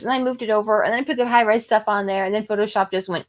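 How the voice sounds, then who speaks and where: A woman guest artist in a casual chat, chatty and giggly, telling her story in an animated way. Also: medium pitch, very fast, few pauses.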